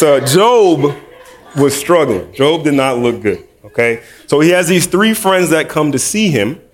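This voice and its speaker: A man preaching in a relaxed, conversational way, mid-pitched for a man. He jokes about himself and tells his stories in an animated way, talking to the congregation like friends. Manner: humorous, self-deprecating, animated storytelling. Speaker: preacher, middle school teacher. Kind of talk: casual conversational sermon.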